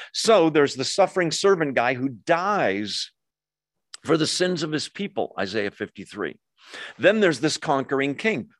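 A male pastor teaching scripture in a relaxed, conversational way, checking in with the audience as he goes. His voice sits in a middle pitch and sounds close and dry, with no room echo. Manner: conversational, asks the audience questions. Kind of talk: sermon teaching.

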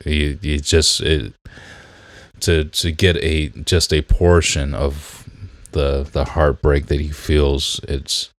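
A man co-hosting a podcast, talking slowly and searching for words in casual chat. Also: very deep voice, little pitch movement, dry recording. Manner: slow, searching, agreeable. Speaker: podcast co-host.

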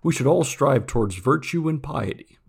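Male reader as a nervous, courteous monk, gravelly tone. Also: medium pitch, expressive, pitched above the performer's own voice, full character voice. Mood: anxious. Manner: polite, hurried, nervous. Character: polite, anxious adult male monk.

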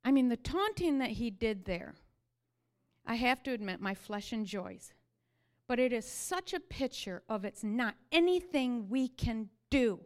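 A woman preaching a sermon, telling stories with energy and then sinking to soft whispers. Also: fairly high pitch, unhurried. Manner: animated storytelling that sinks to soft whispers.

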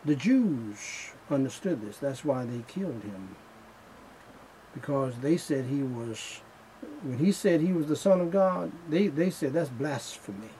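A man preaching a sermon in a slow, emphatic style, returning again and again to the same refrains. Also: mid-range voice, lively intonation, warm tone, a little hiss or hum, poor audio.

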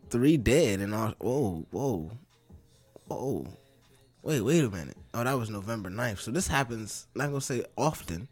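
A young man co-hosting a casual podcast, joking around and swearing freely. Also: mid-range voice. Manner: animated, joking, swears freely, laughs often. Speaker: podcast co-host. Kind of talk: casual chat.

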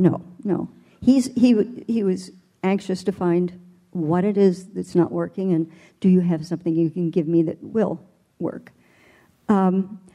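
An older woman with a mellow, relaxed voice speaks as a voice teacher. She explains her coaching thoughtfully and demonstrates with playful vocal imagery. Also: medium pitch. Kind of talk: panel interview answer.

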